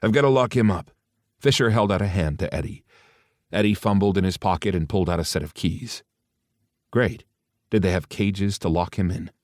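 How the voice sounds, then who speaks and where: A man reading an audiobook in steady, even scripted narration. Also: deep voice, moderate pace, no echo, studio quality.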